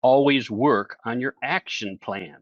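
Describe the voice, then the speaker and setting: A man coaching virtual presenters in a lively online talk, who asks the audience questions and acts out other people's lines. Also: mid-range voice, measured pace, no echo, dull audio. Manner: animated, acts out quoted voices, asks listeners questions.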